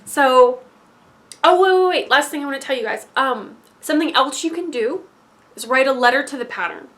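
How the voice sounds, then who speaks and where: A young woman talking straight to camera in an emphatic motivational monologue, swinging between loud insistence and hushed asides. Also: high-pitched, animated, normal speed. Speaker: spiritual vlogger.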